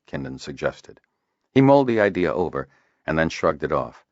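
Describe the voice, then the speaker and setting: A man narrating a fantasy audiobook in a measured storytelling manner. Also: a bass voice, lively intonation, no echo, muffled recording. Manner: measured storytelling, varied intonation. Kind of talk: scripted narration.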